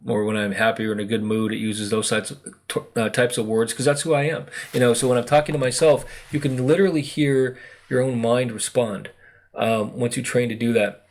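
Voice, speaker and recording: A man's voice: mid-range voice, fairly even intonation, a little fast. An American man talking casually to camera about spiritual energy, rambling with many fillers and acted-out quotes. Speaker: spiritual video host. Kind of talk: casual monologue.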